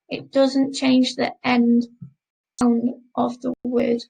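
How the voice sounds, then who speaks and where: A woman teaching a school French class, speaking slowly and patiently and repeating each word twice. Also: sits high, level tone, vocal fry, darkish tone, poor audio. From England. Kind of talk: classroom lesson explaining French grammar.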